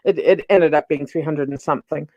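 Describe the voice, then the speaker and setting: A woman's voice: low-pitched, brisk, a little mellow, no room sound, dull audio. A woman guest in a casual panel chat, talking in an agreeable, frank and conversational way.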